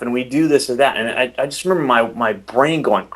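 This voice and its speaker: A man in his thirties as an interview guest, telling stories in a rambling, animated way with many restarts. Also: mid-range voice, a little fast, hardly any pauses, slight background noise. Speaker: podcast host, interview guest. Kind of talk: casual interview.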